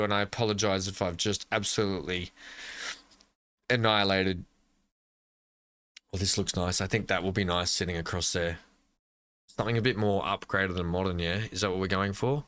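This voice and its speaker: Bright-voiced Australian man rambling through gameplay. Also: fairly low pitch, no echo. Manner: rambling, playful, talks to himself. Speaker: gaming channel host. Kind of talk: casual gameplay commentary.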